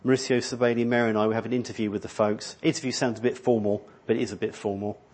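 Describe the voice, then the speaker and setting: A man's voice: on the low side, flat delivery, racing, a little mellow. A middle-aged man preaching a sermon in a church hall, rambling and conversational, with many restarts. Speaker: pastor.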